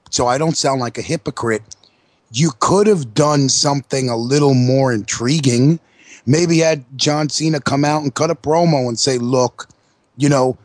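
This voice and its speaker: A man co-hosting an internet radio show, griping in casual, profane wrestling talk, sometimes dropping to hushed asides. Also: medium pitch, dry recording. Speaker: podcast co-host.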